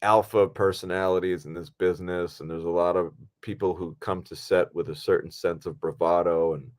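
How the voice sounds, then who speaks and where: A man's voice: low-pitched, fairly even intonation, moderate pace. A man chatting casually as a podcast co-host, easygoing and rambling with plenty of fillers. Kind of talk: casual film podcast chat.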